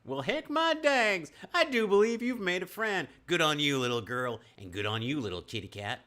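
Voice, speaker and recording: A folksy, good-natured game character, as a man puts him on with a loud, drawn-out delivery. The voice sits well above the player's own and swings up and down a lot. It sounds like a hammed-up game character read aloud. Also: fairly high pitch, animated, pitched above the performer's own voice. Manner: drawled, slow and loud.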